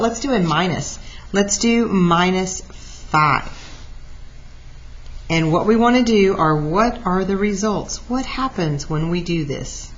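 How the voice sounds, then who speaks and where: A woman teacher of middle pitch explains math step by step, with a lively, animated delivery. The recording is dull and lo-fi. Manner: lively, talks through steps aloud.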